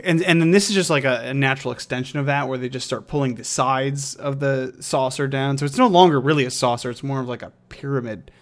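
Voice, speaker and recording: A man co-hosting a podcast in casual chat. He gives his opinions with animation and often repeats words as he talks. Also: mid-range voice. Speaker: podcast co-host.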